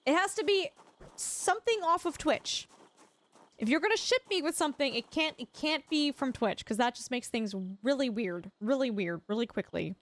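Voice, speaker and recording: A woman's voice: high-pitched, animated, normal speed, fairly bright tone. A woman streamer chatting casually while gaming, telling rambling stories and laughing often. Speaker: Twitch streamer.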